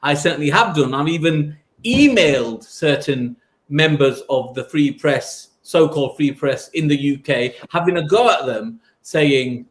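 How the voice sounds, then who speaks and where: A man's voice: a little high, lively intonation, normal speed. Rambling man hosting a podcast. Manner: rambling, frequent ums, wry asides. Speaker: podcast host. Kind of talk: casual podcast chat.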